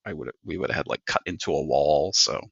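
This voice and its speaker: Low gravelly guy ranting on a podcast, kinda bright edge, dull dry mic. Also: animated, quick pace, no echo. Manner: ranting storyteller, acts out quotes. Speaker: podcast co-host. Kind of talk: casual chat.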